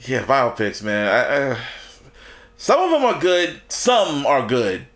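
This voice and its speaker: A young man co-hosting a casual podcast chat, profane and quick to laugh. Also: medium pitch. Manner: laughs often, animated and profane. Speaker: podcast co-host.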